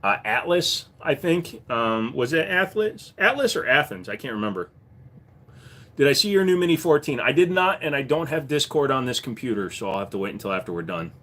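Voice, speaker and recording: A man's voice: medium pitch, big pitch swings, fairly quick, fairly bright tone. Laid-back man answering chat live. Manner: laid-back, frequent ums, reads viewer questions aloud. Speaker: livestream host answering chat questions; firearms dealer. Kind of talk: casual livestream chat.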